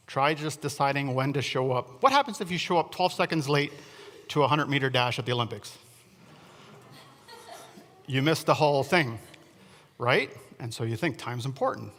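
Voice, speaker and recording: A man's voice: mid-range voice, fairly bright tone, in a large hall. A man preaching a conversational sermon, often turning to the congregation with questions and offhand asides. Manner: chatty, asks the congregation questions, self-deprecating asides. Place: church sanctuary.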